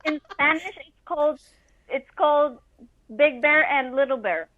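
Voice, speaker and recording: A woman's voice: high voice, measured pace, no room sound, phone-quality sound. A woman chatting casually as a podcast co-host, giggling often. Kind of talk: casual chat.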